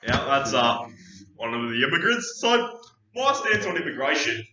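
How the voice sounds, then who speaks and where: A man's voice: fairly high pitch, sing-song, normal speed, pushed and bright, roomy sound, lo-fi sound. A man co-hosting a comedic podcast, argumentative and rambling. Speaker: podcast co-host.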